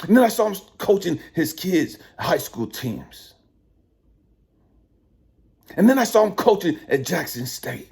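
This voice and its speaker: Husky middle-aged guy preaching hard, cussing a lot, voice swings up and down. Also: on the high side, sing-song, unhurried, long pauses, darkish tone. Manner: profane, preachy, emphatic. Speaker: channel host. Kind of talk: ranting monologue.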